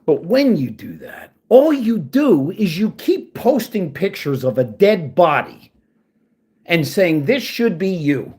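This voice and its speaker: A man with a husky, slightly rough voice rants to his own audience, swearing freely and turning sarcastic. His pitch swings widely as he talks, rising sharply when he gets angry. He mutters asides while working at a computer. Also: big pitch swings, takes it slowly, darkish tone. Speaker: channel host. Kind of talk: casual rant to camera.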